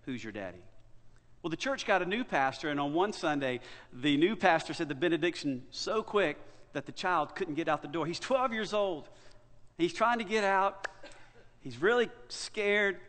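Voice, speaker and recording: A man preaching a sermon, telling a story with big swings between loud and hushed delivery. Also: fairly high pitch, in a large hall. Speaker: pastor. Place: church sanctuary.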